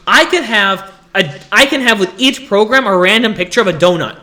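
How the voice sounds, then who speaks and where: Animated ranting young man. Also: high-pitched, fast. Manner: animated complaining, acts out dialogue. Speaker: student vlogger. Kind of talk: comedic rant to camera.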